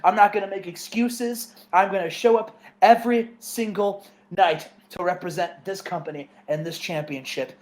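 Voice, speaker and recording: A man's voice: high-pitched, moderate pace, hardly any pauses, voice pushed up, lightly acted. A man voicing a triumphant masked wrestling champion, speaking in a raised, earnest promo voice. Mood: heartfelt.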